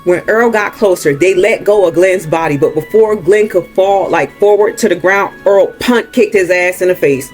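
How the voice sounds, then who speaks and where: A man's voice: high voice, normal speed, few pauses, soft background music. Chatty man retelling a movie. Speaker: movie recap host. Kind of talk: casual story time.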